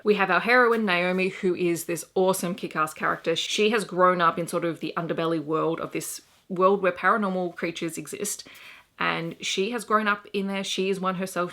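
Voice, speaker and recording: A woman's voice: fairly low pitch, sharp tone. A young Australian woman chatting through her recent reads in a casual, enthusiastic and rambling book vlog. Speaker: book vlogger.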